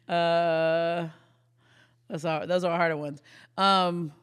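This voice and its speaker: Woman sports reporter, guest on a podcast, lively anecdote teller with easy laughs. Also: lowish voice, very slow, clean tone. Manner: animated storyteller, laughs often. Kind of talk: casual podcast chat.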